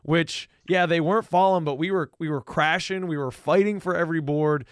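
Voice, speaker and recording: A man co-hosting a casual sports podcast, talking as an enthusiastic, excited fan. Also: on the high side, brisk, clear, resonant tone, no echo, studio quality. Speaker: podcast co-host.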